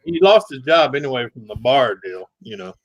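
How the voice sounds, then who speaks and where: A man's voice: medium pitch, very animated, moderate pace, dull audio, slight background noise. A man chatting casually as a guest, easygoing and rambling through stories, saying yeah often. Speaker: regular guest. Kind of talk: casual chat.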